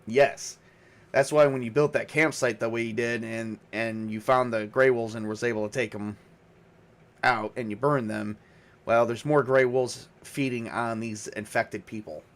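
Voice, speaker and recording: A man running a solo tabletop horror game, rolling questions and narrating the results. He talks casually and thinks aloud, with frequent pauses and fillers. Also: mid-range voice, steady tone. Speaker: game master and solo player.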